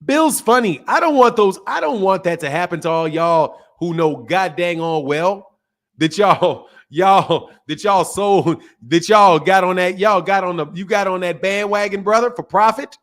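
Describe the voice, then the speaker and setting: A high-pitched man hosting a boxing talk show, ranting in a loose, heated way. He repeats himself, swears freely and jabs at his viewers with blunt scorn. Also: measured pace, fairly bright tone. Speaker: boxing channel host. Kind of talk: heated casual boxing commentary.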